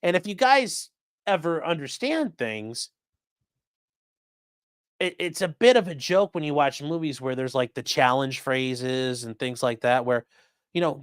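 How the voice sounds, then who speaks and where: A man's voice: medium pitch, animated, measured pace, a bit bright, clean tone, no echo, clean studio sound. A man hosting a casual commentary show who swears freely and acts out the quoted lines in changing voices. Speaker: host.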